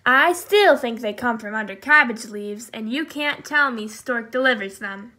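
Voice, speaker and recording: A woman doing a loud, stubborn storybook alligator. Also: a little high, normal speed.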